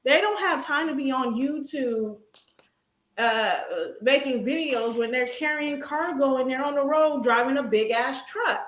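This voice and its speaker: A woman's voice: high voice, measured pace, fairly bright tone, a little hiss or hum. A woman in casual chat who talks bluntly and rants in agreement. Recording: echoey room.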